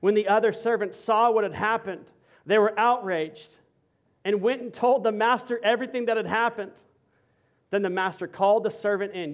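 A man with a high-pitched voice preaches a sermon, talking to the room in a casual, conversational way that swings between punchy emphasis and a hushed, earnest tone. The recording sounds a little dull and lo-fi. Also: fairly quick. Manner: energetic and conversational, dropping to soft intensity. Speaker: pastor.

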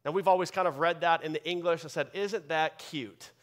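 A man pastor delivering a sermon with emphatic preaching that swings from loud bursts to quiet asides. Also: fairly high pitch, steady tone, fast talker.

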